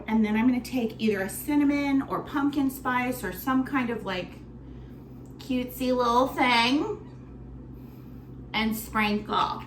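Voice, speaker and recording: A woman's voice: sits high, a little hiss or hum. A woman bartender giving a casual, chatty cocktail tutorial at home, bubbly and swearing offhandedly. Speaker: bartender at a lounge. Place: home kitchen or bar area of an apartment. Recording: roomy echo with music behind.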